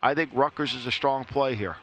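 Male betting analyst, mid-pitched, hedges his picks and stumbles into sentences. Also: a little fast, fairly bright tone. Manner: hedging, repeats words when starting thoughts. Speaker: college football betting analyst. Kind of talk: sports betting talk show chat.

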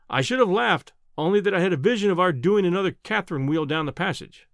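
A man narrating a novel aloud in an expressive, theatrical reading. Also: high voice, quick pace, hardly any pauses, dry recording, studio quality. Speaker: audiobook narrator. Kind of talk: scripted narration.

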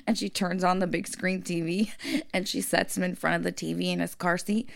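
A woman's voice: fairly low pitch, level tone, normal speed, vocal fry. A woman co-hosting a podcast, bantering bluntly with frequent swearing. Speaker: podcast co-host. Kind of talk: casual chat.

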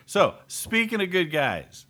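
A man co-hosting a Catholic podcast, chatting casually and telling lively anecdotes, acting out the people he quotes. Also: high voice, slow. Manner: storytelling, acts out quoted people, laughs often. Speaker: podcast co-host. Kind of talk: casual chat.

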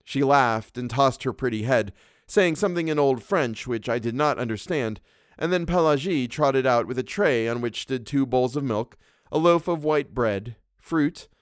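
A man reading a classic story aloud as a podcast narrator, with measured, even storytelling. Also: medium pitch, smooth, dry recording, clean studio sound.

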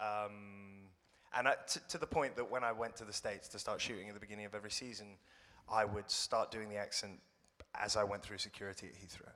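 British man, bright voice, reverberant room. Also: lowish voice, fairly even intonation, fairly quick. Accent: British English. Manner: thoughtful, self-deprecating, rambling with restarts. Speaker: guest actor. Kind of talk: casual interview chat.

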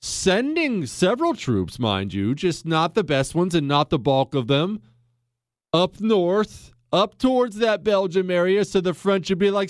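A man's voice: high voice, very animated, unhurried, dry recording, studio quality. A man hosting a podcast, telling history in a casual, jokey way and acting out quotes in silly voices. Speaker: podcast host.

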